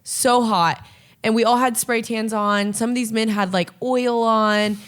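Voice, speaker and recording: A woman's voice: on the high side, steady tone, unhurried. A young woman co-hosting a casual podcast chat, telling a long story with lots of "like" fillers and casual swearing. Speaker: podcast co-host.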